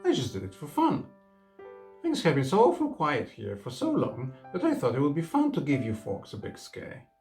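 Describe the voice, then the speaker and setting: Man doing a blunt little boy voice, high. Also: huge pitch swings, normal speed, a little mellow, faint music behind. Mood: frank. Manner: frank, pleading, sobbing. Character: small mischievous boy, blunt and tearful.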